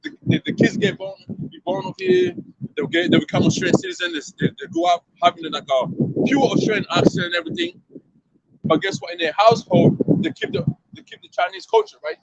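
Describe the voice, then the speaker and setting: A man's voice: very high voice, expressive, quick pace, gravelly, dull audio, a little hiss or hum. A man street preaching outdoors to a passer-by, emphatic and slangy, often repeating himself and asking if you see what he means.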